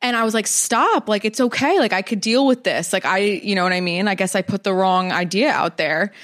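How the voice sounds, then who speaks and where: A woman's voice: medium pitch, a little fast. A woman co-hosting a podcast, telling stories in casual chat with lots of "like" fillers. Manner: chatty storytelling, many "like" fillers. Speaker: podcast co-host.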